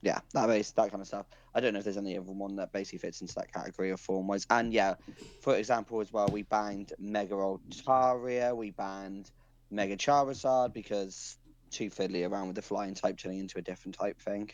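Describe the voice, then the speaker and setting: A man's voice: on the low side, steady tone, brisk, highs cut off. A man hosting a casual podcast, explaining things in a rambling way with frequent restarts. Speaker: podcast host.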